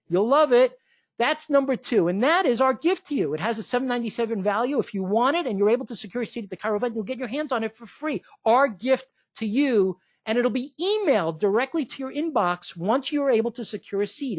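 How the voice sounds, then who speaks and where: A woman with a fairly high voice hosts a webinar and pushes a training event in an eager, salesy way. She fires off rhetorical questions and answers them herself. The audio is dry and a little dull, with a lo-fi webinar quality. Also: no room sound.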